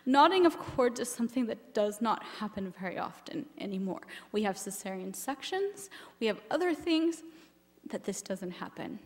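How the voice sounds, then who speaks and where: A woman's voice: on the high side, animated, moderate pace, in a large hall. A woman giving a keynote talk on family history, earnest and emotional, with many ums as she goes.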